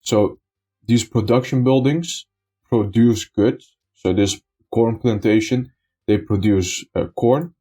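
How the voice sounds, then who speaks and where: A man's voice: on the low side, slow, mellow, slightly rough. A man giving gameplay commentary, explaining things step by step with frequent fillers. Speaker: let's play commentator.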